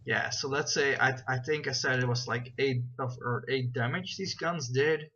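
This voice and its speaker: A man's voice: mid-range voice, steady tone, moderate pace, bright, forceful tone, slightly rough. A man narrating as game master, rambling with many fillers and checking rules aloud as he goes. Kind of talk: narrating a tabletop game over voice chat. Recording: dull, lo-fi voice chat with faint noise.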